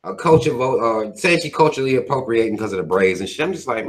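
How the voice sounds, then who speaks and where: A man's voice: mid-range voice, big pitch swings, fast talker, hardly any pauses, a bit bright. A man hosting his own channel, reading viewer comments and ranting in a heated, profane, preachy way. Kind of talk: casual rant to viewers.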